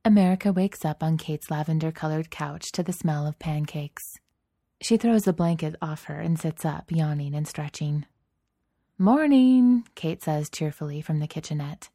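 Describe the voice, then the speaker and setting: A woman reading a story aloud in a calm, even way. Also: deep voice, normal speed, no room sound, clean studio sound. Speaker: reader. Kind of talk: fan fiction reading.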